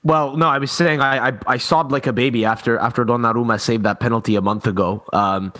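Fast-talking man, halting and searching for words. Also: mid-range voice, fairly even intonation, bright, forceful tone. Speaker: podcast guest. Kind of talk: casual podcast chat.

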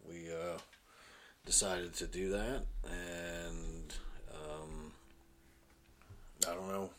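A man in his thirties hosting a casual podcast chat with his daughter, relaxed, laughing often and pausing with lots of ums. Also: deep voice, a little hiss or hum. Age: 30s. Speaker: podcast host and father.

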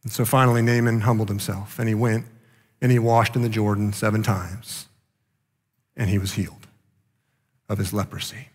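A male pastor preaching a sermon with passion, rising loud and then dropping quiet. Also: on the low side, steady tone, moderate pace, pauses often, big-room sound.

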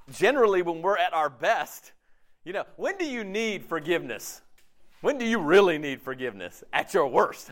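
A man preaching a casual, jokey sermon, acting out quotes with lively swings in his voice. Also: high voice. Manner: animated, jokey, acts out quotes. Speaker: pastor.

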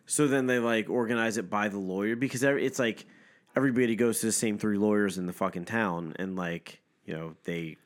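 A man's voice: lowish voice, a little fast. A man co-hosting a podcast, telling stories in casual chat with a lot of swearing, often acting out the other people in them. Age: adult, parent. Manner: profane, animated storytelling with voiced impressions. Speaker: podcast co-host.

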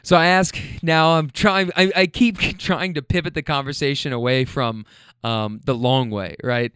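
A man's voice: medium pitch, moderate pace, slight background noise. A man, a rideshare driver, casually telling funny stories about his passengers, laughing and swearing as he goes. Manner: animated, laughing, profane. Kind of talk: casual storytelling.

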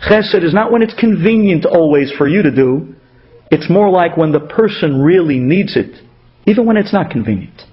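High-voiced man telling a moral story. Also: moderate pace. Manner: animated storyteller who acts out the people in his stories. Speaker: inspirational speaker. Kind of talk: storytelling religious talk. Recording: dull lo-fi radio recording.

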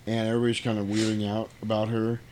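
Talking fast in a fairly low, monotone, darkish voice, this podcast co-host retells a movie plot loosely, swearing and laughing as he goes. There's slight background noise.

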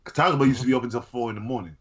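A man's voice: medium pitch, a bit bright, slightly rough. A man in casual podcast chat who fires off incredulous questions. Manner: incredulous, rapid-fire questions. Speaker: podcast co-host. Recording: dull lo-fi sound.

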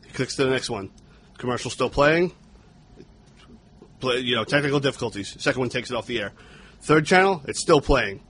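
Mid-pitched man recapping a movie plot. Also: animated, a little fast, long pauses, fairly bright tone, a little hiss or hum. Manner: plot-recapping, casually profane. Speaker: podcast co-host. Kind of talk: casual movie discussion.

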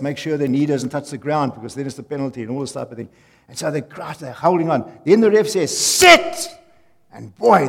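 A man preaching a sermon, emphatic, repeating key phrases and swinging from loud to soft. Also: on the high side, husky. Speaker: pastor. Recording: long hall reverb.

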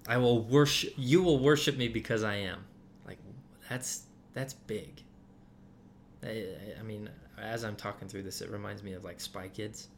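A man's voice: lowish voice, moderate pace, slight background noise. A man giving casual Bible teaching to a group, talking loosely with many fillers and restarts.

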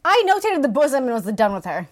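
A woman's voice: sits high, sing-song, fast talker. A woman co-hosting a casual book discussion, wry and giggly, often trailing off mid-thought. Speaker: podcast co-host.

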